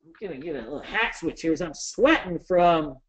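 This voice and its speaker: Animated, swearing man in his thirties teaching. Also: on the high side, brisk, slightly rough. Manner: animated, swears, jokey storytelling. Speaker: trading instructor. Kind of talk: casual webinar lecture.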